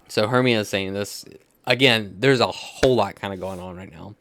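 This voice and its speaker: A man casually commenting while playing a game, rambling and swearing, clearing his throat often. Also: on the low side, moderate pace, a bit bright, dry recording. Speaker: streamer.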